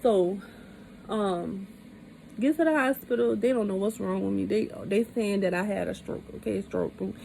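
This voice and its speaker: Woman vlogger doing a storytime, kinda gravelly voice, repeats stuff for emphasis. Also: medium pitch, moderate pace, dark tone, a little hiss or hum, rough recording. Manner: candid, emphatic retelling with repeated phrases. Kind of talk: personal storytime vlog.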